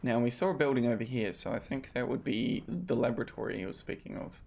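A man's voice: mid-range voice, fast, vocal fry, a little mellow. A man streaming a game, joking and swearing casually as he plays. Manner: joking, swears freely, talks to himself. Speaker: gaming streamer. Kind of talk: casual let's play commentary.

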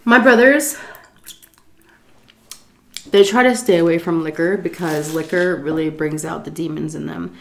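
A young woman vlogger casually telling a story, animated and swearing, acting out quotes loudly. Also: on the low side, measured pace, gravelly, long pauses.

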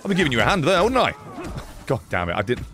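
A man streaming a game, giving excitable live commentary, swearing, laughing and yelling at the screen. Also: fairly high pitch, fast talker, a little hiss or hum. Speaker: gaming streamer.

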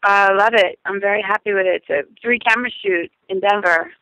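A woman with a New Orleans accent, a comedian calling in by cell phone, talking quickly and wryly. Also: medium pitch, bright, forceful tone, smooth, no room sound, poor audio. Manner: quick, wry. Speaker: guest comedian. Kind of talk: casual chat. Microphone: cell phone call-in.

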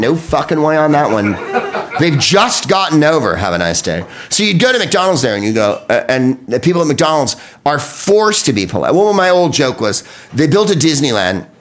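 American comedian guy ranting on a podcast, lots of swearing, voice all over the place. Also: medium pitch. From United States. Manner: animated, profane, riffing with impressions.

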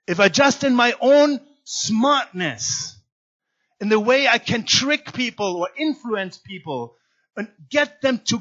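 A man preaching a sermon as guest pastor in a church, swinging between loud emphatic lines and quiet low asides. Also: highs cut off. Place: church sanctuary.

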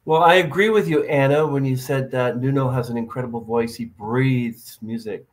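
A man's voice: mid-range voice, moderate pace. A man hosting a casual podcast interview, chatting and reading out viewer comments. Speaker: podcast host.

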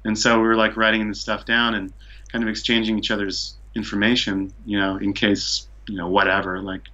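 A man's voice: lowish voice, little pitch movement, fairly quick, bright, forceful tone, lo-fi sound. A man from Seattle telling a long travel story as a podcast guest, rambling with lots of "like" and "you know". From Seattle, USA. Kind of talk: casual storytelling.

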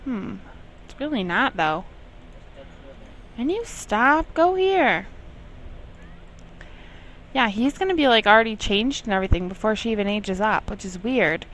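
A woman's voice: mid-range voice, a little fast, fairly bright tone, a little hiss or hum, rough recording. A young woman casually commenting on her life-sim game, chatting to herself and scolding her characters in exasperated asides. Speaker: gameplay commentator. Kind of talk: casual let's play commentary.

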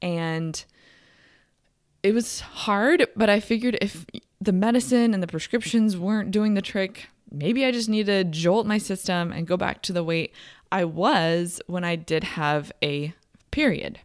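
A young woman hosting a podcast, talking openly and emotionally about a personal struggle, with halting restarts. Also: medium pitch, dry recording, studio quality. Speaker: podcast host and coach. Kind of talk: candid personal podcast monologue.

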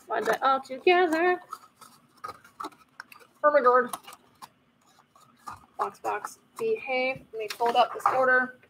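Woman, high voice, casual card-opening stream host, chatty, apologetic, loud noisy home recording with a crying baby. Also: lively intonation, normal speed, few pauses. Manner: chatty, apologetic, often breaks off to soothe a baby.

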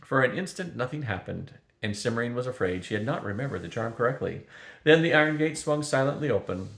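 An older man, a grandparent, reading a children's novel aloud in a steady, gentle narrating voice. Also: mid-range voice, a little fast, creaky. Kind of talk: storybook read-aloud. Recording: roomy echo.

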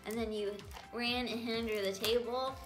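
A woman's voice: a little high, fairly even intonation, moderate pace. A woman co-hosting a casual snack unboxing, making teasing chatty remarks, with a sore throat. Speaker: co-host. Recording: echoey room with music.

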